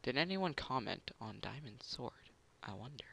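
A man's voice: mid-range voice, lively intonation, moderate pace, vocal fry, sharp tone, a little hiss or hum. A man giving casual commentary over a video game, muttering to himself, humming little tunes and bursting into gloating. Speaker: gameplay commentator.

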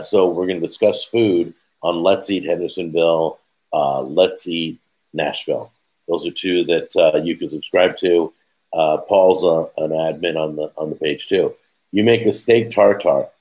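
A middle-aged man hosting a casual live chat, telling rambling stories with quick asides and laughing at his own jokes. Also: sits low, a little mellow, poor audio. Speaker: host.

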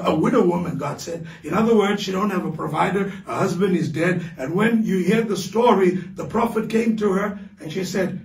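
A man with a South African accent preaching a fervent sermon as pastor, building to shouted declarations in a large church hall. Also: high-pitched, moderate pace, hardly any pauses, recorded from a distance. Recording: echoey hall, voice picked up from afar.

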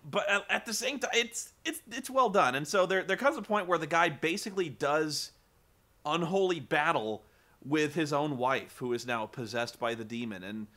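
A man vlogging a casual, profane rant about a film, rambling and animated with lots of swearing. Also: a little high, normal speed.

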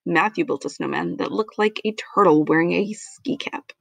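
A woman reading a children's picture book aloud, animated and playful, with sound effects. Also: lowish voice, moderate pace, vocal fry, dry recording. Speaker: storybook reader.

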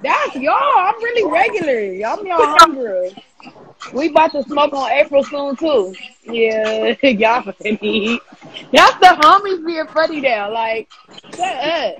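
A woman chatting loudly on a livestream, taunting and laughing in brash slang. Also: sits high, very animated, takes it slowly, crowd noise, rough recording. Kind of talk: casual livestream chat.

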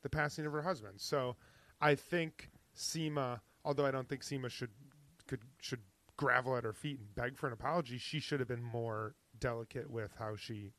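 A man's voice: mid-range voice, moderate pace, a bit bright. A man co-hosting a podcast in casual chat, rambling and hesitant with many restarts. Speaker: podcast co-host.

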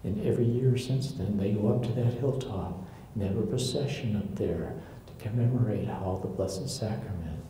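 A man with a deep, mellow, dark-toned voice tells stories to a live audience. He slips into the voices of the people he quotes. His voice rings out in a very echoey hall, with faint noise in the background. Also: moderate pace. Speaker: lecturer on church history. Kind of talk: live storytelling lecture.

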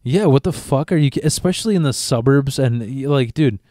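A man in his thirties rambles through a casual podcast chat, swearing freely and restarting his sentences. His voice sits at a middle pitch. The recording is dry and close, with no room sound. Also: expressive, fairly quick, mellow, no room sound. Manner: rambling, profane, frequent restarts. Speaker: podcast co-host, a father.

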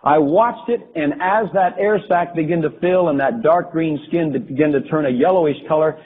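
A man telling a first-person account of a vision, halting and restarting as he goes. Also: fairly high pitch, husky. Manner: halting, with frequent restarts and fillers. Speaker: storyteller recounting a religious vision. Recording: tinny phone-like lo-fi recording.

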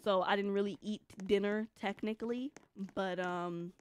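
A woman's voice: medium pitch, steady tone, normal speed, clear, resonant tone. A young woman streaming a game live, rambling and joking casually with her chat, with lots of filler words. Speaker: gaming streamer.

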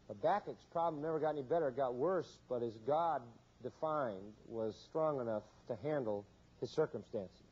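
A man's voice: medium pitch, mellow, slightly rough. A man preaching a sermon, emphatic and repetitive, with a rhythmic pulpit cadence. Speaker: pastor. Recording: dull lo-fi sermon recording.

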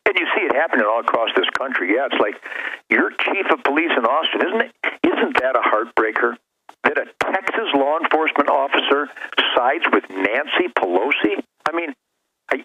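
A fiery, emphatic man holding forth as a guest on a radio talk show, his voice pitched a little high. He hammers his points home and stumbles over repeated words when he gets heated. The broadcast carries a clear hiss of noise under him. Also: very animated, fairly quick, muffled recording. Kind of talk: impassioned radio interview.

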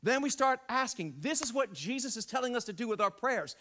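A middle-aged man preaching a sermon in a church, telling stories in an animated way, exclaiming and repeating his phrases. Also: very high voice, brisk, hardly any pauses. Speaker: pastor. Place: church sanctuary.

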